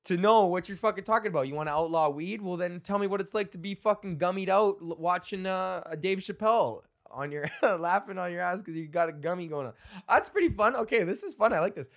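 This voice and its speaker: A man in his thirties hosts a solo comedy podcast in a high voice at a quick pace, reading out old jokes, rambling, swearing and laughing at his own material.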